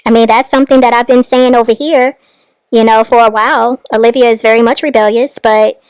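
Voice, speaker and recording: A woman hosting a commentary channel, reacting to a clip with calm, wry asides. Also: fairly high pitch, brisk, clean tone, no echo.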